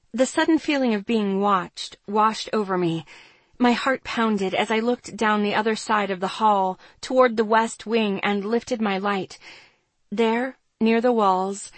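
A woman's voice: mid-range voice, dry recording. A woman reading a first-person story aloud in a tense, dramatic way. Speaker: narrator. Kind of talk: first-person audiobook narration.

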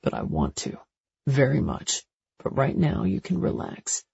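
Audiobook love interest: woman reading a cocky, protective young man, dropped low, slow and teasing, warm and dark. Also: huge pitch swings, creaky, breathy edge, dry recording, muffled recording, heavily acted. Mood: soothing.

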